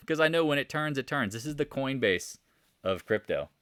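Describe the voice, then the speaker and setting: A man giving a casual, joking stock market recap over charts, animated and rambling, with sound effects. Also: mid-range voice, measured pace, dry recording, clean studio sound. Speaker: market commentator.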